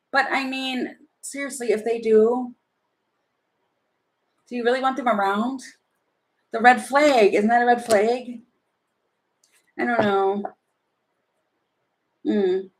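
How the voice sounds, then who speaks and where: A woman doing a casual live tarot reading, chatty and opinionated, rambling with many fillers and asides. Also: a little high. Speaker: tarot reader.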